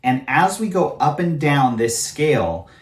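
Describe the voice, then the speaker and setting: A man's voice: a little high, big pitch swings, unhurried. A man in his thirties from California, giving a casual singing lesson to camera and demonstrating sounds with his voice. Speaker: voice teacher.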